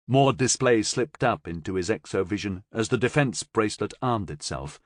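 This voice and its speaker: Male audiobook narrator, low and animated, dry close-mic read. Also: moderate pace, few pauses, dry recording. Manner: expressive, dramatic storytelling. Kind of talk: scripted narration.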